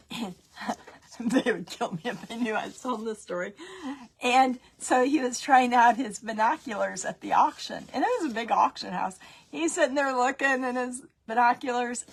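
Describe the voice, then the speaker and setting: A middle-aged woman hosting a crafting tutorial chats casually as she paints, her voice husky and on the high side. She tells stories and laughs at her own pranks.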